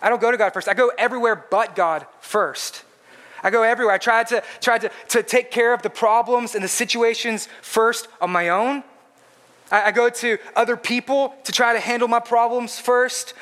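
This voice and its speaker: A man's voice: extremely high pitch, fairly bright tone. A man preaching a sermon in an earnest, emphatic way, repeating his points for stress. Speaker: pastor.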